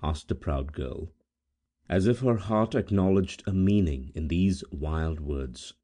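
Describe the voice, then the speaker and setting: Slow, deep-voiced male narrator. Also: lively intonation, dark tone. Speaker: volunteer audiobook reader. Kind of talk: scripted narration of a gothic tale.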